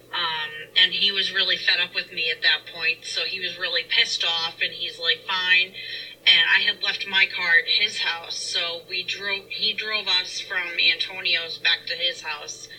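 A young woman podcast co-host with a lowish, sharp-toned voice frankly tells her own story in casual chat, sounding self-deprecating. It's recorded inside a car, and the rough recording has her a bit off-mic with faint hiss.

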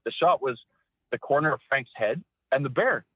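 A man tells his hunting stories with lively energy, jumping up in pitch whenever he acts out what someone said. His voice comes through a dry, narrow, phone-like line. He talks at a middling pitch for a man. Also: normal speed, breathy edge, dry recording. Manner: animated storyteller, acts out quotes in a raised voice. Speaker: guest, former hunting cameraman. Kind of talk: storytelling interview.

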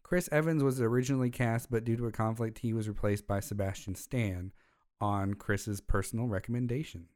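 A man's voice: fairly low pitch, steady tone, fairly quick, a little mellow. Casual young man reviewing a movie. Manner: reads plot summaries and credits, then jokes and swears casually. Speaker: podcast co-host.

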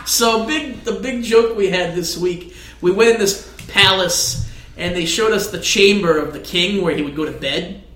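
A man co-hosting a casual podcast chat, goofy and laughing loudly, in an echoey, noisy room. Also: sits high, normal speed. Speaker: podcast co-host. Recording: echoey room with background noise.

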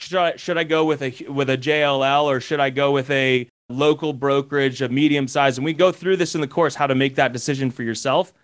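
A man's voice: medium pitch, a bit bright, clear, resonant tone. A man who works as a commercial real estate broker and mentor, giving sales advice in a rambling way with many restarts. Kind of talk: casual podcast advice.

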